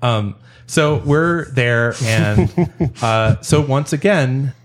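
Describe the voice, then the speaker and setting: A man telling a long story in a relaxed podcast chat, rambling and self-interrupting, breaking into laughs. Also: mid-range voice, drawn-out words. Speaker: storyteller guest.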